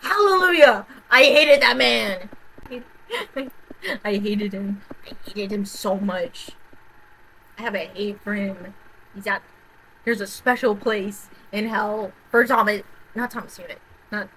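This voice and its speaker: Woman vlogger, casual profane rant, mid-pitched voice, faint hiss behind her. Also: little pitch movement, unhurried, rough recording. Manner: rambling, profane, repeats herself, big swings between loud outbursts and mutters. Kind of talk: casual rant about horror movies.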